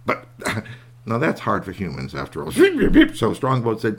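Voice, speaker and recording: A man telling a children's tale in a folksy, animated way. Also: mid-range voice, a little slow, gravelly, slightly rough. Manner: lively, folksy, puts on voices for animals. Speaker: storyteller. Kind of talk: oral storytelling.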